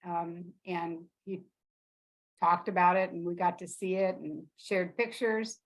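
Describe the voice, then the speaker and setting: A woman sharing memories at an online memorial over a video call, unhurried and often restarting her sentences. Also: fairly low pitch, fairly even intonation. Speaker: memorial speaker.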